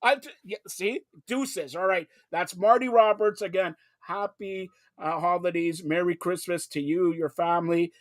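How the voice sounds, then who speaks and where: A male talk show host with a high voice who bursts with energy, tripping over and repeating his words as he jokes with guests. The recording is dry and close, with no room sound. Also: a little slow, hardly any pauses, dry recording. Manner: excitable, stammering repeats. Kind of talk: casual sports talk show.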